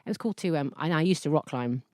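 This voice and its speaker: Low-voiced, bubbly actress. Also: female voice, lively intonation, fast, darkish tone, dry recording, studio quality. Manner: bubbly, giggly, playful voices. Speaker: actress guest. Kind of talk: casual interview chat.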